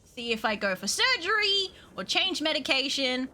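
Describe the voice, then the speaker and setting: A woman's voice: high-pitched, big pitch swings, normal speed, bright, forceful tone, slight background noise. A woman streaming a video game, chatting casually with viewers, swearing freely and laughing often. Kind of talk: casual gameplay stream chat.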